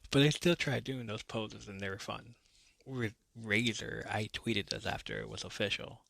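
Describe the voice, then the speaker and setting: A man hosts a podcast, chatting fondly and easily about childhood memories. His voice is low and gravelly with a bright, forward edge. The sound is dry and close. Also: moderate pace, dry recording. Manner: nostalgic, chatty, laughs easily. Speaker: podcast host. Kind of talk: casual podcast monologue.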